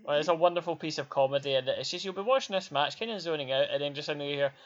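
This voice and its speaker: Male co-host, deadpan quips, lo-fi muffled audio. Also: on the high side. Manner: quick deadpan one-liners. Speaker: podcast co-host. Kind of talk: casual comedic chat.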